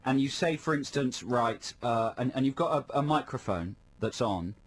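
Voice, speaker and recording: A man co-hosting a radio show, chatty and explanatory, quick to laugh. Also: medium pitch, expressive, husky. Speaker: radio co-host. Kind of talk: casual radio chat. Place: radio studio. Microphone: studio microphone.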